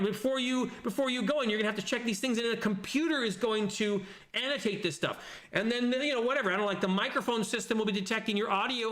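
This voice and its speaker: Male host, very high bright voice, casual reactive commentary, lots of restarts, echoey room. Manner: animated, exasperated, thinks aloud with many restarts. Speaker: channel host reading viewer comments.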